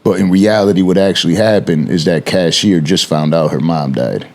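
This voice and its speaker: Low-voiced man hosting, acting out scenes. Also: moderate pace, gravelly. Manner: storytelling, acts out scenes in quoted voices. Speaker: podcast host. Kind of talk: casual podcast conversation.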